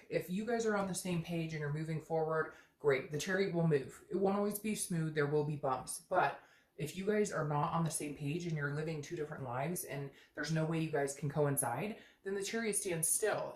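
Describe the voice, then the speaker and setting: Chatty woman reading tarot, echoey room. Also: low voice. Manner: chatty, earnest, thinks aloud with many fillers. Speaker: tarot reader. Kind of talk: casual tarot reading to camera.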